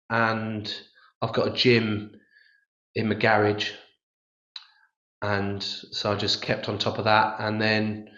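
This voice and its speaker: A man's voice: on the low side, fairly bright tone, echoey room, lo-fi sound. A man answering press-conference questions in a rambling, self-deprecating, jokey way. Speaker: rugby player at a press conference.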